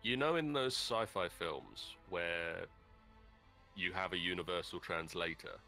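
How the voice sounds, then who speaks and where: Deep, bright-toned man chatting on stream. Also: measured pace, creaky, soft background music. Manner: relaxed, retelling jokes while searching online. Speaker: livestream co-host. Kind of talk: casual chat.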